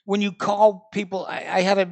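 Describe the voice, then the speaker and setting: A middle-aged man with a Boston accent hosting a comedy show, trading quick wisecracks in casual banter. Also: high voice, little pitch movement, vocal fry.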